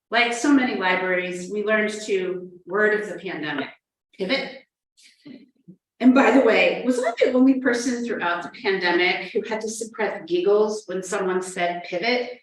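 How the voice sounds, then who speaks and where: This New Hampshire librarian speaks in a medium-pitched voice, heard off-mic with a roomy, echoey sound. Her prepared conference presentation is earnest, built around stories with playful asides.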